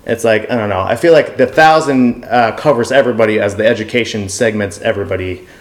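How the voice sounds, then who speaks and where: A man's voice: lowish voice, fast talker, roomy sound. A man in casual podcast talk, rambling and thinking aloud with many fillers.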